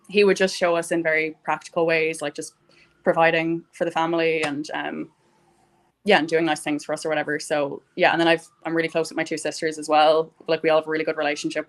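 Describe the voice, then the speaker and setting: A young woman talking warmly about gratitude in a casual conversation, rambling with many fillers. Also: low voice. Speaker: guest.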